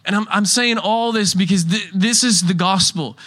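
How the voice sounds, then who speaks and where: A man's voice: high-pitched, moderate pace, a bit bright. A young man preaching a casual sermon, rambling with frequent restarts and chuckling through stories. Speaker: pastor.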